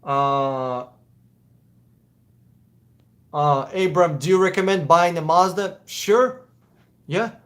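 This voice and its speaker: A man's voice: fairly high pitch, takes it slowly, long pauses, fairly bright tone. A man with a Russian accent hosting a casual live Q&A stream, answering chat questions in a blunt, profane, opinionated way. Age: adult.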